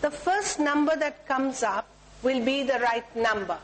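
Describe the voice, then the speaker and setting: A workshop leader with an Indian English accent guides a group through a tapping exercise in a talk room, giving instructions and chanting repeated cue words. Her voice is high-pitched and her pace measured, while the audio is poor with slight background noise.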